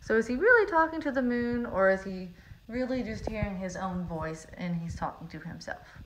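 A teacher reading a picture book aloud to young children, talking in a friendly way with frequent ums. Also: female voice, mid-range voice, expressive, moderate pace. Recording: slightly muffled recording with faint hiss.

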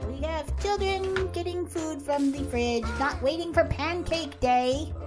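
Woman, high voice, casual game commentary, playful exclamations, music behind. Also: measured pace. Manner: lively, chatty narration with playful exclamations. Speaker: gaming channel host. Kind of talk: casual let's-play commentary.

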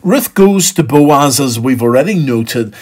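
A middle-aged male pastor gives a daily devotional at an even, mid-range pitch. He speaks earnestly and steadily, with the odd "uh" between phrases. Now and then he acts out a voice in the story he is reading. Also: measured pace. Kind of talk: devotional Bible reflection.

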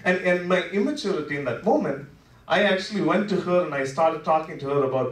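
A man preaching a Good Friday sermon in a church, talking conversationally with lots of "you know" fillers, dropping to soft, low asides and then rising with passion. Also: brisk. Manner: swings between soft, low asides and impassioned rises. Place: church worship center. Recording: echoey sanctuary heard from a distance.

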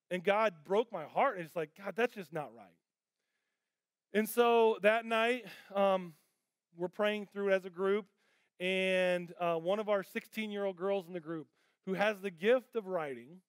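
A male pastor delivering a sermon in a church auditorium. His voice is notably high for a man and recorded dry and close. He talks in a passionate, conversational way, full of ums and restarts. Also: dry recording.

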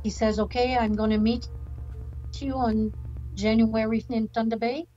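An older woman telling her story in an interview, hesitant and full of pauses. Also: fairly high pitch, flat delivery, warm tone. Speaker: scam victim interviewee. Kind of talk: slow halting interview testimony. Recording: dull documentary clip with music.

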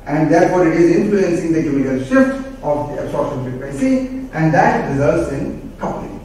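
A man giving a classroom lecture, explaining step by step with pauses and self-corrections. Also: a little high, expressive, warm tone. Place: lecture room. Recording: very echoey room, mic far off, faint noise.

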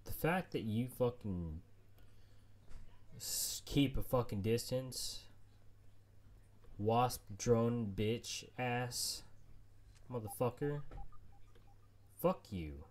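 A man's voice: medium pitch, extremely slow, long pauses, darkish tone. A man streaming a survival game solo, frustrated and swearing nonstop as he plays. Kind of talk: let's play commentary.

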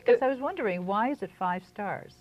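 A woman hosting a casual TV interview, asking short, curious questions and giving quick reactions. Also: medium pitch, expressive, muffled recording. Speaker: talk show host.

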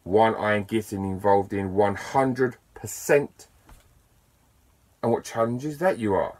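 A man talking casually to camera as a YouTuber, chatty and enthusiastic, with bursts of excitement and self-deprecating asides. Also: lowish voice, measured pace. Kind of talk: casual to-camera vlog talk.

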